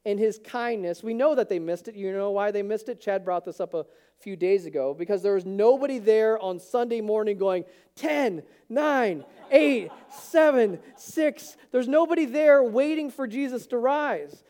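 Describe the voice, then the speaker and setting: A man's voice: high voice, normal speed, dark tone, clear, resonant tone. A man preaching an Easter sermon as pastor, telling Bible stories in a casual, conversational way and acting out the characters' lines. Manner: conversational storytelling with acted-out quotes.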